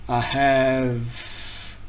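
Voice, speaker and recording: A man's voice: medium pitch, flat delivery, very slow, distant mic, slight background noise. A man hosting a casual reaction video, rambling, correcting himself mid-sentence and mocking what he reacts to.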